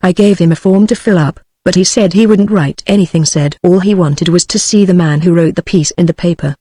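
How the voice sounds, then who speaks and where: A man's voice: high-pitched, a little fast, no room sound. A text-to-speech voice with a British English accent reading the lines of a young male office messenger in an audiobook. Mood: reporting. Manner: even, plain text-to-speech delivery.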